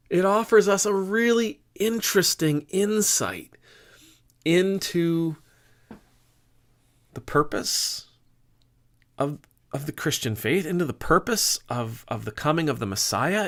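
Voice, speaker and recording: A middle-aged man giving a conversational, sermon-like talk, musing aloud with restarts and sudden bursts of emphasis. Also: fairly high pitch. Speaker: speaker giving a faith talk. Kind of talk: informal sermon-style talk.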